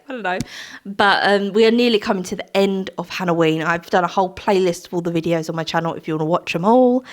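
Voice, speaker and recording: A young woman chatting casually to camera at home, sentimental and laughing often. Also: medium pitch. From Britain. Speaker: vlogger. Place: home, indoors.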